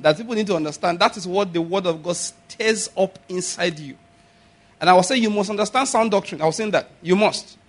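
A man preaching a sermon, telling stories and acting out the people in them with sudden shouts. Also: high voice, brisk. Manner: storytelling, acts out quoted voices with sudden shouts. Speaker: pastor.

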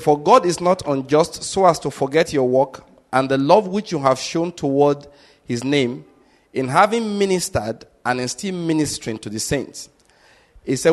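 Emphatic preaching man. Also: fairly high pitch. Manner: emphatic, repetitive teacher explaining step by step. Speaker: pastor. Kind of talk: sermon teaching.

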